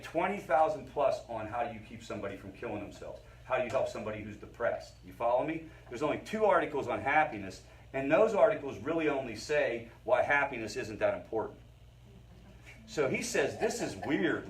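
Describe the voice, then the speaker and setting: A middle-aged man, a therapist, giving an informal, conversational lecture to a family recovery group and checking in with his listeners. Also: medium pitch. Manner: conversational, keeps checking in with the audience. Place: meeting room with a group. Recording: voice picked up from a distance.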